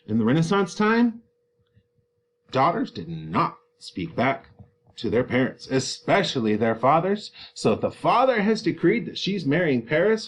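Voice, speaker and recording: A male teacher explains a classic play line by line to his students. His voice has a very lively pitch that rises and falls constantly. He talks in an animated way and drops in exclamations as he goes. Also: moderate pace, a little hiss or hum.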